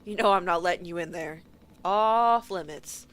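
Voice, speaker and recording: A woman voicing a cranky, boastful old ship captain with a folksy, gruff and dismissive way of talking. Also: lowish voice, moderate pace, a bit bright, lightly acted.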